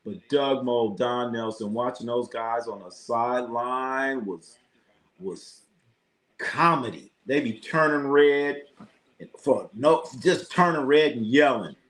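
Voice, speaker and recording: A man's voice: mid-range voice, takes it slowly, a bit bright. A man hosting a sports livestream, telling rambling stories in a casual chat style, repeating phrases and quizzing his chat.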